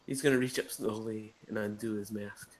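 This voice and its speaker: A man playing in a tabletop game who describes his character's actions calmly and tersely. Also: lowish voice, moderate pace, slight background noise, poor audio. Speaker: player.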